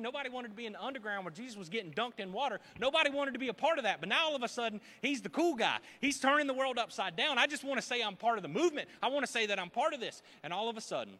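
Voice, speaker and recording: A man preaching a sermon as pastor, emphatic, swinging between loud bursts and hushed asides. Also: high-pitched.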